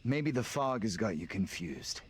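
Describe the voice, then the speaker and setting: A calm man who tries to reason with the group. He sounds measured and reassuring. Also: on the low side, slightly rough, heavily acted.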